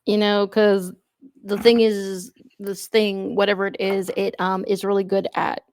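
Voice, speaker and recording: A young woman chats on a podcast in a loose, filler-heavy way, retelling scenes with lively asides. Her voice sits mid-range for a woman. The recording is dry and close, with no room sound. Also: mid-range voice, normal speed, dry recording. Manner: chatty, lots of fillers, animated retelling with acted-out shouts. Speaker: podcast co-host. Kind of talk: casual film discussion.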